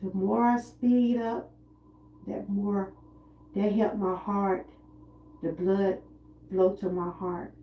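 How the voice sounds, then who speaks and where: Slow-talking Southern woman vlogger, roomy sound. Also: medium pitch, level tone, dull audio, slight background noise. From Georgia, US. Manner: slow, heartfelt, talks while exercising. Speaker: wellness vlogger. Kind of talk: live-stream talk during seated cardio.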